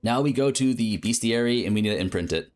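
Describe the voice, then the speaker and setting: A man streaming a game talks quickly in a mid-range, darkish voice, soft music playing behind him. He casually reasons through a crafting plan out loud, fixing his own mistakes as he goes.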